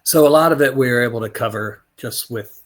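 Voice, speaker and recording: A man's voice: mid-range voice, fairly quick. A middle-aged man, a former Navy officer, telling his story as a podcast guest in a blunt, profane way, acting out both sides of remembered conversations. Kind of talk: candid storytelling interview.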